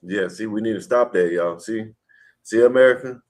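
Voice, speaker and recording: A man's voice: lowish voice, moderate pace, darkish tone, rough recording. A man on a live panel, talking bluntly and heatedly, full of rhetorical questions. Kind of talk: casual live panel chat.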